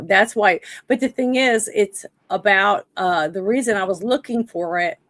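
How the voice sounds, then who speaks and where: A woman hosting a livestream, giving casual political commentary in a halting way with many fillers, her throat dry and scratchy. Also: mid-range voice, creaky, no room sound. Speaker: livestream host.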